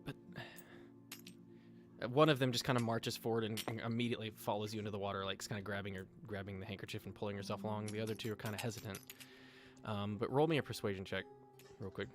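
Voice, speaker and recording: A man's voice: lowish voice, steady tone, fast, soft background music. A man narrating as game master of a tabletop game, rambling with many fillers.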